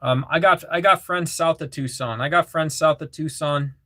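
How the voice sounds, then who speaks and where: A man's voice: a little high, moderate pace, pushed and bright, no room sound. A man casually chatting on a livestream, reading chat messages aloud and repeating phrases, with lots of fillers.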